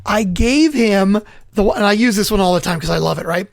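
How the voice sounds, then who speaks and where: A man co-hosting a podcast in casual chat, excitable and rambling, swearing freely. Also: sits high, brisk, vocal fry, no room sound, studio quality. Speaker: podcast co-host.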